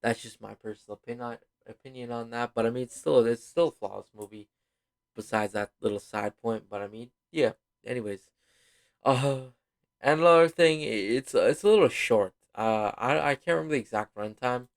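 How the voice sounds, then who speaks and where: A man's voice: medium pitch, moderate pace, vocal fry. A man giving a rambling, casual film review, full of fillers and apologies, sounding tired. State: yawning, tired. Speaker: video host reviewing a film.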